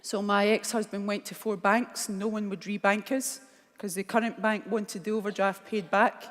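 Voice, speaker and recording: A woman's voice: medium pitch, little pitch movement, normal speed, fairly bright tone. A woman with a Glaswegian accent giving a motivational speech, telling a personal story candidly and with emotion. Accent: Scottish, Glaswegian. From Scotland. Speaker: keynote speaker. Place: large conference hall. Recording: long reverb of a large hall.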